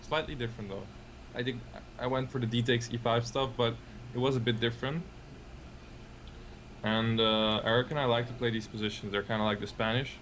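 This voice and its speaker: Chatty man commentating over steady noise. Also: mid-range voice, a little fast. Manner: hedging, chatty, trails off. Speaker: chess commentator. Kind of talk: casual live-stream commentary.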